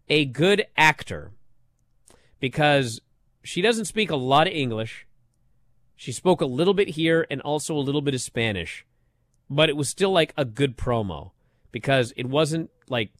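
A man co-hosting a wrestling podcast, talking in casual chat and getting worked up into loud disbelief. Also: mid-range voice, no room sound. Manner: animated, rising to loud disbelief. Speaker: wrestling show co-host.

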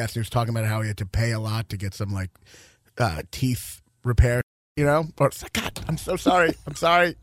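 A man's voice: medium pitch, no echo, studio quality. A young man from Louisville, a comedian guest, chatting casually in a radio interview and rambling through stories with fillers and laughs. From Louisville, Kentucky.

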